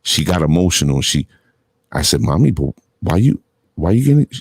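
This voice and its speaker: A man's voice: low-pitched, normal speed, vocal fry, breathy edge, no echo. A middle-aged man hosts a casual call-in chat, telling stories with laughs and swearing freely. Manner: animated storytelling, laughs often, swears freely. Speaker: show host.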